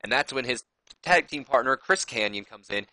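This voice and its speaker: Bright-voiced guy rambling over a game. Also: medium pitch, lively intonation, normal speed, dry recording, rough recording. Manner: rambling, self-correcting. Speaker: gaming YouTuber. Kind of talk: casual game commentary.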